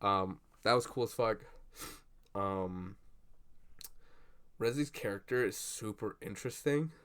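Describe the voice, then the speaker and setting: Young man, lowish voice, casual rambling, lots of swearing and fillers, webcam at a desk. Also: slow, smooth. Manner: rambling, profane, many fillers, excitable. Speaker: vlogger. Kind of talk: casual movie reaction chat. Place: at a desk indoors. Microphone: computer webcam.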